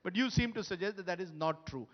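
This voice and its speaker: Brief: high-pitched male moderator, brisk, dull lo-fi hall audio. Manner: brisk, keeps pushing for quick answers. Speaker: panel moderator. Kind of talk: moderating a conference panel. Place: conference hall stage.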